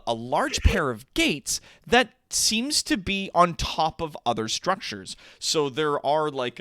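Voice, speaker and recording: Man, game master, casual tabletop narration, mid-pitched, dry close mic. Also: a bit bright, dry recording. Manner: casual, many fillers, laughing asides.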